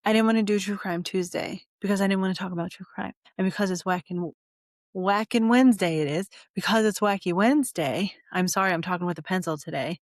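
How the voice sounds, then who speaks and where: A woman hosting her own podcast in casual chat while high, giggling, rambling and repeating herself. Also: fairly quick, dry recording, clean studio sound. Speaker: podcast host.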